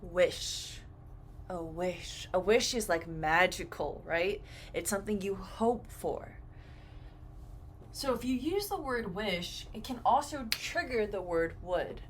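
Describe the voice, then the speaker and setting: A woman teaches English grammar at an unhurried pace, her pitch swinging widely as she acts out little example phrases. A faint hiss of background noise sits under her voice. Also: expressive. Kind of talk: grammar lesson.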